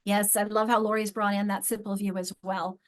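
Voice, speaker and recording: A woman leading an online teacher training, chatting through her slides with frequent restarts and slow read-aloud examples. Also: mid-range voice, flat delivery. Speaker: literacy trainer.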